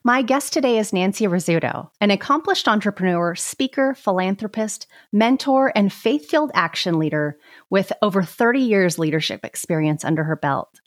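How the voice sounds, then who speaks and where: A woman's voice: medium pitch, animated, moderate pace, dry recording. Woman hosting an interview podcast, polished and emphatic, dry close sound. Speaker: podcast host. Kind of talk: read introduction then interview questions.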